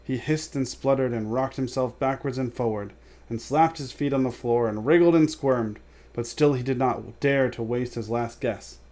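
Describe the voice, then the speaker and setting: A man reading a storybook aloud as a storyteller, steady and measured, with offhand asides. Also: medium pitch.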